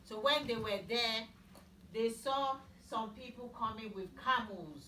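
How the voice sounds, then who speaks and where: A woman's voice, on the high side and pushed and bright, tells children a Bible story using slow, simple wording and frequent questions. The room echoes, she's distant from the mic, and there's slight background noise.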